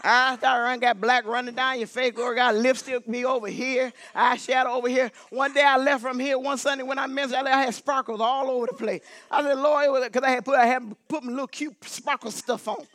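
A woman preaching a lively sermon in church, repeating emphatic exhortations to her congregation. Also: sits high, a little fast, hardly any pauses, no echo. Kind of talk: lively sermon with holy laughter. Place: church sanctuary.

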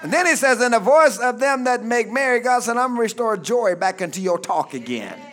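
A man pastor preaching a fervent sermon, reading scripture and calling for amens from the congregation, often shouting. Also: very high-pitched, expressive, brisk, some chatter behind. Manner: reads scripture aloud, then explains it.

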